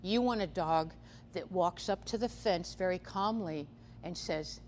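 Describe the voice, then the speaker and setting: A woman whose voice sits fairly low speaks at a measured pace during a conference seminar on livestock predators and guarding dogs. She sounds conversational, with frequent "um"s and restarts, in a hall that echoes and carries faint background noise.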